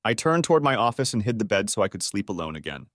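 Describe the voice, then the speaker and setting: A man reading a first-person story aloud in a steady, even manner. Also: on the low side, fast, dry recording, studio quality. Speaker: audiobook narrator.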